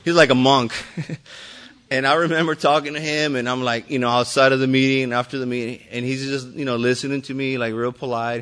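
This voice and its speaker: A man's voice: medium pitch, flat delivery, brisk, a bit bright. A man speaking at a recovery meeting, telling his own story to the group in a loose, rambling way with many fillers and restarts and some mild swearing.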